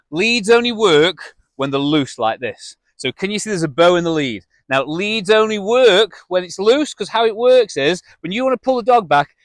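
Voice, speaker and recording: Brief: male dog trainer, fairly high voice, dry close sound, plain instructive delivery. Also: dry recording. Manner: direct and instructive, talking to camera while demonstrating. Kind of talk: hands-on training demonstration.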